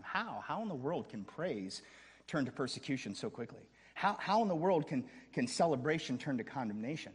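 A man preaching a sermon as a pastor, dramatic, dropping to a hush and then rising to a shout, with casual joking asides. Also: medium pitch, sing-song, a little fast, slightly rough, long reverb tail.

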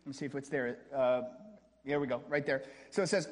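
A man preaching a sermon as a pastor, dramatic, dropping to a hush and then rising to a shout, with casual joking asides. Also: mid-range voice, steady tone, a little fast, long reverb tail.

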